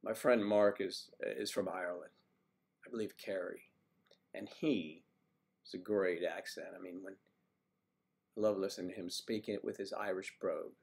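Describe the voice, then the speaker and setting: An American livestream host chats casually, answering viewer comments and wandering from topic to topic as he rambles. He has a low, slightly mellow voice with fairly even intonation, a moderate pace and long pauses.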